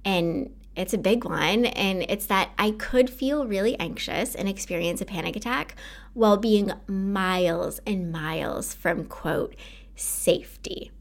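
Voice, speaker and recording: A woman's voice: medium pitch, unhurried, vocal fry. A woman hosting a podcast, talking earnestly and casually about her own experience, with many fillers like "like". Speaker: podcast host. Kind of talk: casual personal podcast monologue.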